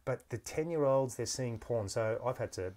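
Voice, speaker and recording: This podcast host has a mid-range, darkish voice with lively intonation and speaks at normal speed. Talking into a podcast microphone during a casual interview chat, he tells stories chattily, restarts a lot, and laughs easily.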